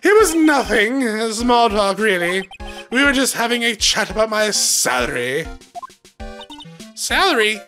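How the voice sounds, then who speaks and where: A man's voice: sits high, bright, forceful tone, voice pushed up, heavily acted. A man doing a flamboyant pompous circus star. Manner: theatrical, drawls sweetie and fabulous.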